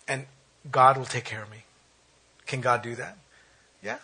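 Husky guy preaching, reads verses then gets all worked up. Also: medium pitch, a little slow, long pauses. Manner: animated, exclaims and reads scripture aloud. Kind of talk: sermon.

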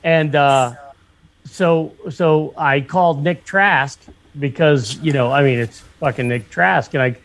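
A man who owns a motorcycle shop in northwestern Pennsylvania tells a story in casual conversation. He rambles and swears, with plenty of fillers and restarts. His voice is slightly high and slow.

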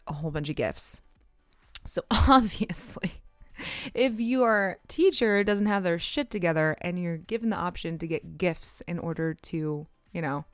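A woman hosts her podcast and tells a personal story in a loose, chatty way, leaning on "like" and breaking into small laughs. Her voice sits low and sounds smooth and resonant. The recording is dry, with no room sound. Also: no room sound. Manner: chatty, frequent "like" fillers, laughs mid-sentence. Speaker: podcast host. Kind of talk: casual storytelling monologue.

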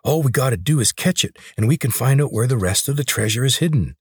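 A man's voice: medium pitch, animated, quick pace, slightly rough, no echo, studio quality, voice pushed up. A man voicing a dim young farm boy who whines in rural speech. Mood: whiny.

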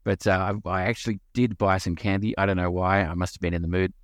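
A man co-hosting a podcast, chatting in a halting way. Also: sits low, steady tone, no room sound, clean studio sound. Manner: halting, full of fillers and restarts. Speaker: podcast co-host. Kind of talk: casual chat.

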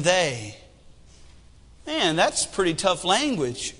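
A man in his thirties preaching a sermon with animated delivery and humor. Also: high voice, moderate pace, in a large hall. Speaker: pastor.

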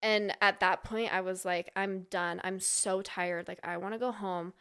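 A woman's voice: mid-range voice, steady tone, a little slow, pushed and bright, clear, resonant tone. A woman from Utah, a podcast guest, telling a long gossipy story in casual chat and acting out the people she quotes.

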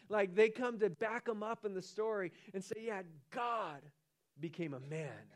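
A man preaching a sermon as pastor, animated, often restarting and repeating his words. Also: sits high, moderate pace. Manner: animated, acts out the angel's lines with rising excitement.

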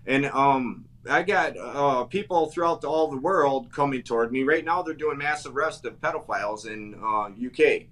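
Appearing as a talk-show guest, a man from Wisconsin speaks with an Upper Midwest accent in a slightly bright, mid-range voice at a moderate pace with few pauses. His fervent, emphatic chat is full of repetition and restarted phrases.

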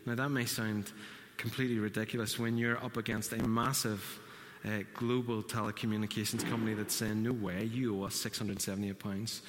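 A man's voice: on the low side, level tone, a little fast, hardly any pauses, background noise. A man preaching a sermon, telling a story and acting out the quotes. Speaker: pastor. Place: church hall. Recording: church hall reverb.

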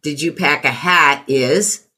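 A woman's voice: low voice, takes it slowly, pushed and bright, slightly rough. A middle-aged woman advising on parenting in a conversational interview, reflective and acting out quoted remarks in changed voices. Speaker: parenting guest.

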